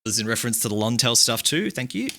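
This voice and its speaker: A man's voice: medium pitch, big pitch swings, fast, vocal fry, sharp tone. A man hosting a live stream, reading out chat quotes and reacting with dry asides and laughter. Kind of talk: casual live-stream commentary.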